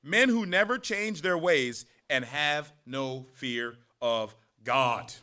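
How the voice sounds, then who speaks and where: A man preaching a morning sermon, animated, with sarcastic asides and words repeated when he gets going. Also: medium pitch, slow, smooth. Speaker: pastor.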